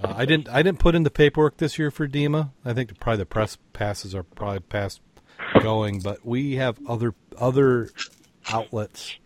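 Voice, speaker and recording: A man's voice: medium pitch, moderate pace. A man co-hosting a casual podcast. He halts and repeats words, tells corny puns and chuckles at them. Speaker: podcast co-host. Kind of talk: casual chat with corny jokes.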